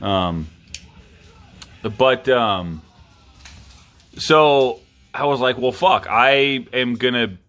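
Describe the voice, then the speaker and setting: A man who has clearly had a few drinks hosts his own review video. He drawls slowly, swears constantly and cracks jokes at his own expense. Faint music plays somewhere behind him. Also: mid-range voice, fairly bright tone. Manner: drunk, rambling, profane, self-mocking. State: tipsy. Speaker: knife review vlogger. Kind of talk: rambling casual chat.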